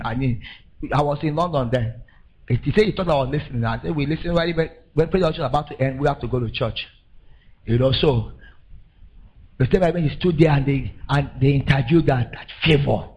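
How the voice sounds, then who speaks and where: An older Nigerian pastor with a husky, slightly raised voice preaches with lively, laughing storytelling. He swings into loud, emphatic declarations as the sermon builds. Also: a little high, brisk, rough recording.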